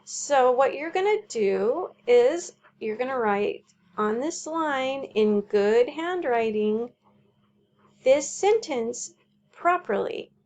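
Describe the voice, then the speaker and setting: A woman teacher explaining a homework sheet in a slow, careful way, walking through examples. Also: sits high, expressive, darkish tone.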